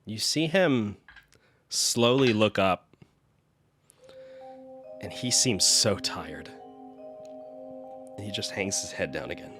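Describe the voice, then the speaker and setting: A man narrating a tabletop game as game master, describing scenes in a measured way and calling for dice checks. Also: lowish voice, sing-song, over music. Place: online stream.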